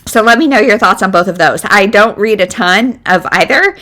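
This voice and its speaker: A chatty woman in her thirties talks through her week of reading in a loose, rambling way, full of ums and likes. Her voice sits at an ordinary middle pitch. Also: animated, moderate pace, bright, forceful tone. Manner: chatty, rambling with many fillers. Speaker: book vlogger. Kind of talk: casual chat.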